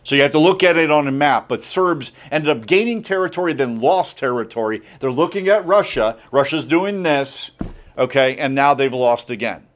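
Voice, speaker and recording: A man's voice: mid-range voice, animated, normal speed. A male history teacher giving a casual classroom lecture, chatty and jokey, with lots of "like" and acted-out asides.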